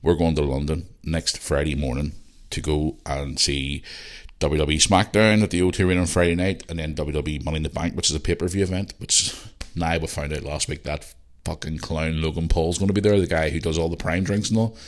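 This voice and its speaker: A man's voice: rumbling low, fairly even intonation, fairly quick. A man with a Northern Irish accent hosting a casual solo podcast, rambling and chatty, repeating himself and swearing freely. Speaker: podcast host.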